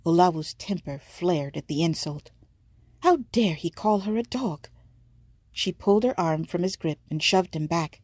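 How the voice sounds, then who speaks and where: Woman reading a storybook, lowish voice, very dry close recording. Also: darkish tone, no room sound. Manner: measured, vivid storytelling. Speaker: narrator. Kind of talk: scripted audiobook narration.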